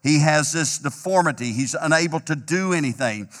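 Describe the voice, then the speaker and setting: A man preaching an emphatic, repetitive sermon as pastor, a little hoarse. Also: on the high side, normal speed, long reverb tail. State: slightly hoarse, clearing throat.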